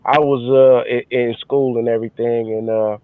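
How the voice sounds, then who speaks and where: Relaxed male co-host on a tinny, dry call line, easygoing chat. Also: medium pitch, moderate pace, clear, resonant tone, no room sound. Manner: relaxed, easygoing, filler-heavy. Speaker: podcast co-host. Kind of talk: casual chat.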